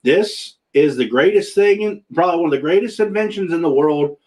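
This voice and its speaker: A man's voice: a little high, animated, a little fast, a little mellow. A man hosting a casual video-call chat, rambling and restarting his sentences often. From Pennsylvania. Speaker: podcast host.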